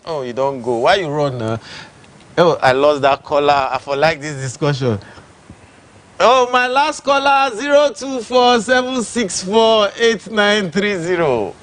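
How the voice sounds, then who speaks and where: A man's voice: high voice, lively intonation, unhurried, fairly bright tone. A man with a Nigerian Pidgin accent hosting a call-in show, bantering with callers. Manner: banters with callers, switches between Pidgin and English. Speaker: radio call-in host.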